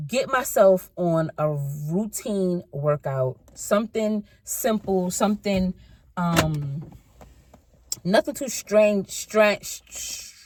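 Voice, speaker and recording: A woman's voice: mid-range voice, no echo. A woman in her fifties chatting casually in a rambling, self-correcting way for a car-ride vlog. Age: 50s. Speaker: vlogger.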